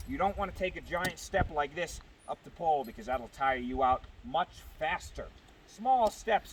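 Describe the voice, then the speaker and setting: A man's voice: fairly high pitch, a bit bright, far from the mic, a little hiss or hum. A man instructing a group outdoors on spar pole climbing technique, projecting his voice while he climbs. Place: outdoor yard.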